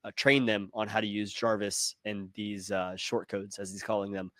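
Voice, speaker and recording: A man's voice: on the low side, flat delivery, normal speed, a bit bright, no echo. Chatty man co-hosting a call, dry sound. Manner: chatty, hesitant with many uhs. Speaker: webinar co-host. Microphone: video call.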